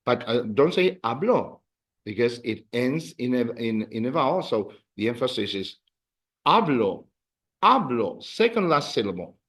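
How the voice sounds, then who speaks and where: With a mid-range voice, a moderate pace, and few pauses, a man teaches beginner Spanish. He's animated as he lays out the rules and drills students, counting them off and praising them.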